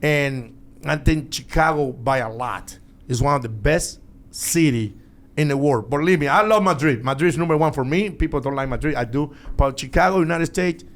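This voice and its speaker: A middle-aged man talking as a guest in a podcast studio, animated and laughing often, speaking English with loose, non-native grammar. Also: fairly high pitch, moderate pace. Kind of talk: casual podcast chat.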